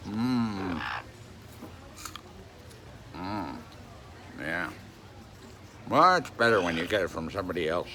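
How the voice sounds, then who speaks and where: A man's voice: sits low, animated, slow pace, long pauses, sharp tone, a little hiss or hum. A man talking affectionately to his pet parrot in a coaxing, sing-song way, full of playful questions. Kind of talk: affectionate talk to a pet bird.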